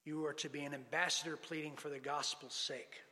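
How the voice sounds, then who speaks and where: Bright-voiced preacher man, reverberant hall. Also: a little high, fairly even intonation, a little fast. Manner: teaching from scripture, reads passages aloud. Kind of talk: sermon.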